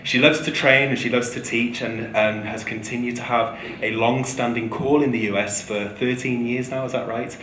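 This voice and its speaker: A man's voice: steady tone, moderate pace, few pauses, a bit bright. A man introducing a speaker on stage, hesitant and full of ums. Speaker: event host introducing the speaker. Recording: echoey hall with low rumble.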